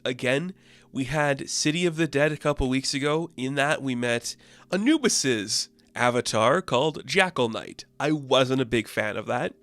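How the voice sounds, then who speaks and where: A man's voice: medium pitch, expressive, moderate pace, fairly bright tone, no room sound. A man reviewing a comic book in casual chat, enthusiastic and filling his talk with "like". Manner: enthusiastic, heavy use of "like".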